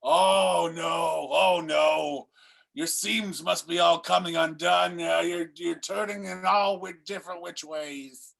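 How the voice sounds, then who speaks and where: Guy doing a slow gravelly mad doctor, fussy and dramatic, stammers a lot. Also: fairly high pitch, steady tone, fairly bright tone, exaggerated voice. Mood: flustered. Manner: melodramatic, bursts into cries, stammers. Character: doting, fussy mad scientist, man. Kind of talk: improv comedy.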